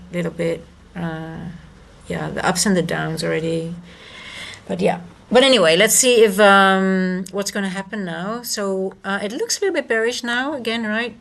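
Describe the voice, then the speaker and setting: Woman, live-stream trader, low gravelly voice, halting, restarts. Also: a little hiss or hum. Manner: rambling, halting, many restarts and fillers. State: moved and emotional. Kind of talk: casual live-stream chat.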